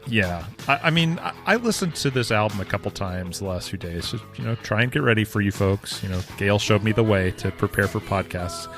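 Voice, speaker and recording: A man's voice: on the low side, animated, a little fast, few pauses, faint music behind. A man co-hosting a podcast, chatting casually with dry, wisecracking humor. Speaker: podcast co-host. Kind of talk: casual chat.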